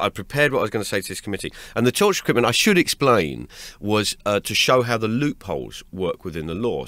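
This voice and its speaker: A man's voice: fairly low pitch, a bit bright, no echo. A man, a comedian guest telling a story in a radio interview, laughing as he goes and restarting his words. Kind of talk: animated anecdotal storytelling. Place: radio studio.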